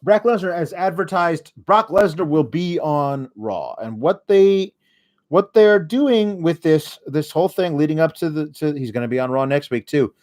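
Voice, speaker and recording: A man's voice: a little high, expressive, a little slow, a little mellow. A man hosting a casual solo recap show, rambling and sarcastic, with frequent fillers and swearing when annoyed. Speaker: host.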